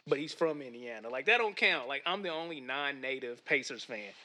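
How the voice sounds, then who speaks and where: A young man from the Kansas City area, a podcast guest in casual chat, laid-back and quick to laugh. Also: medium pitch, lively intonation, pushed and bright. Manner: laid-back, laughs often, says bro a lot.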